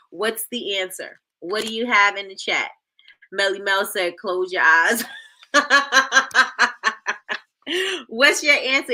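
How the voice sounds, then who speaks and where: A woman's voice: fairly high pitch, pushed and bright. A woman hosting a casual livestream, playfully quizzing her chat and repeating herself, calling them y'all. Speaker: livestream host.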